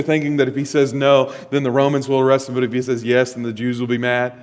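Animated preacher in a reverberant hall. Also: male voice, mid-range voice, quick pace, hardly any pauses. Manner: animated storytelling, acts out voices. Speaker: pastor. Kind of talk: sermon.

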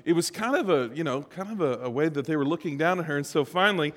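A man's voice: fairly high pitch, quick pace. A middle-aged man preaching a sermon as pastor in a large church auditorium, in a conversational, joking storytelling manner. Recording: long hall reverb.

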